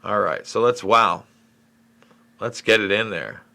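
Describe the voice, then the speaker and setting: Reading chat on his live Q&A stream, a middle-aged New York State man answers viewers in a frustrated, rambling manner. His voice sits fairly low and is gravelly yet bright and forceful, and he talks a little slowly.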